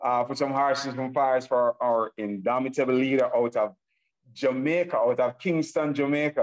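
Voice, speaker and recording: A man's voice: medium pitch, low-quality recording. A man from Nigeria with a Nigerian accent, presenting an online webinar over a video call in an exuberant, repetitive way that hypes his audience.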